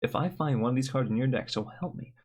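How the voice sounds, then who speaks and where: A man's voice: medium pitch, animated, quick pace, a little mellow, natural voice. Guy doing a goofy bad italian tough guy voice, blustering threats. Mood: mock threatening. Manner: bad put-on accent, threatening.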